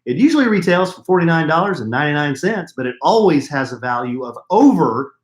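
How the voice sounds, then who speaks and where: A man's voice: fairly high pitch, big pitch swings, fast. A middle-aged man co-hosting a podcast, chatting in a playful, jokey way. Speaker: podcast co-host. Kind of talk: casual chat. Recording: roomy echo.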